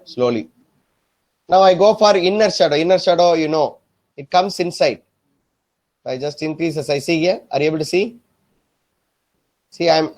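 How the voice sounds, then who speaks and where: A man teaching a software design lesson, often repeating himself and asking if the class is following. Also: on the high side. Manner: repetitive, keeps checking "am I clear?". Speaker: design instructor. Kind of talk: screen-recorded software tutorial.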